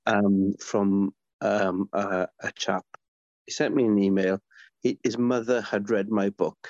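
A man's voice: on the low side, level tone, a little slow, a little mellow, no echo, muffled recording. Enthusiastic rambling middle-aged man. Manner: enthusiastic, rambling storyteller with many restarts. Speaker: guest, author. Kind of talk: conversational podcast interview.

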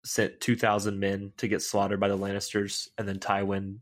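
Man, low voice, excitable, casual podcast chat, lots of fillers. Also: normal speed. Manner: excitable, animated retelling with filler words. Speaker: podcast co-host.

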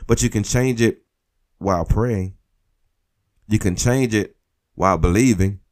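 Male preacher, somewhat low voice, delivers an exhortative sermon with emphatic repetition. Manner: exhortative, repeats phrases for emphasis.

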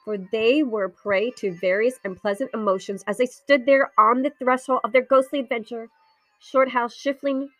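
A woman reading a ghost story aloud in a dramatic way, dropping into whispers and slowing down for suspense. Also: a little high, dry recording. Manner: hushed, drops into whispers, slows for suspense.

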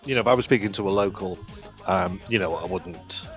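A man's voice: low voice, a little fast, soft background music. Rambling, hesitant man on a call. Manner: rambling, hesitant, repeats words. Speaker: comedian guest. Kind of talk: casual chat on a call. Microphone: call over the internet.

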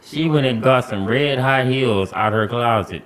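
A man's voice: mid-range voice, a little slow, fairly bright tone, slight background noise. Laughing, profane male storyteller. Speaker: podcast host. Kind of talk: casual chat.

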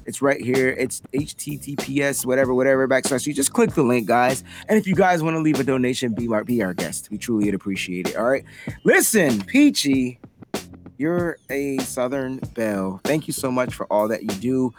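A young adult man hosting a casual livestream podcast, talking loosely and animatedly, breaking into shouts and laughter. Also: medium pitch, animated, moderate pace, music in the background. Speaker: podcast host.

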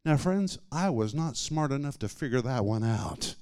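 A male preacher telling a personal story in a sermon, with dramatic swings between hushed lines and loud, emphatic ones. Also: mid-range voice, lively intonation, normal speed, clean tone.

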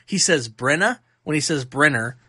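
A man hosting a podcast, giving a casual and animated movie review full of fillers and restarts. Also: medium pitch, normal speed, no room sound, clean studio sound. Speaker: podcast host.

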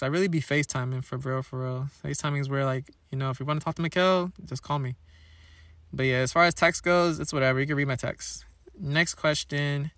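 A young man rambles through questions on his own podcast, playful and full of slang. His voice sits a touch higher than most men's. The sound is close and dry, with no room echo. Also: a bit bright. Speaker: podcast host. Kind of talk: casual solo podcast chat.

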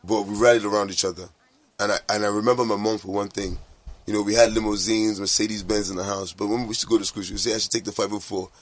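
A man's voice: fairly low pitch, fairly even intonation, quick pace. A man in his thirties from Nigeria, with a partly American-sounding Nigerian accent, earnestly recalling family loss as an interview guest. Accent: American-influenced Nigerian English. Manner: reflective, emotional, earnest. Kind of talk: personal interview recollection.

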